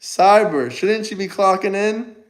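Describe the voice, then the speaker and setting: A man's voice: high voice, a little slow, poor audio. A man hosting a casual livestream, firing mocking, combative replies at his chat. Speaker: livestream host.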